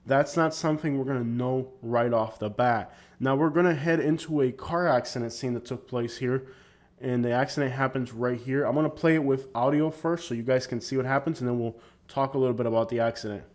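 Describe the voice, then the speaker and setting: A man talks through his own vlog footage in a loose, unscripted way. He rambles and gives his opinions freely, and he often stops to restart a sentence. His voice sits at an ordinary, mid-range pitch for a man. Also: fairly quick, a little mellow. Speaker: vlogger. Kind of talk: casual vlog narration over driving footage.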